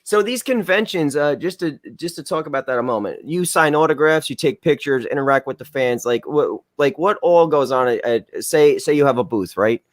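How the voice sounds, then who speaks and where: A man hosting a talk show, asking questions in a halting way and repeating words as he frames them. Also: a little high, animated, dry recording. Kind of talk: casual interview chat.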